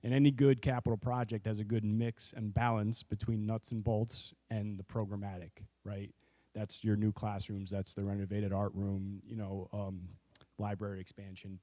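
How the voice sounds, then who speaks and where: A man's voice: lowish voice, dark tone, no echo. A man consulting on a capital project. He presents to a school board in a conversational way, with restarts and frequent "right?". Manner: conversational, many restarts and tag questions. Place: public meeting room. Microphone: table microphone.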